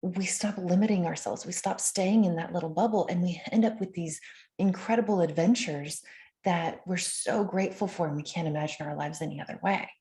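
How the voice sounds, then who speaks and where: A woman's voice: on the low side, brisk, dark tone. A woman hosting a podcast interview who affirms her guest and reflects on his story. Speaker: podcast host.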